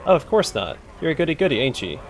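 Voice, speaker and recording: A man's voice: a little high, sing-song, fast, a little hiss or hum, pitched above the performer's own voice. A man reading out a swaggering tavern bully from a fantasy game in a taunting, jeering manner.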